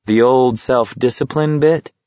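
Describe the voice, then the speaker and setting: A man's voice: mid-range voice, measured pace, darkish tone, no echo, close to an everyday voice. A man voicing a curious, wry young man on a long walk, asking probing, teasing questions. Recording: dull, slightly muffled.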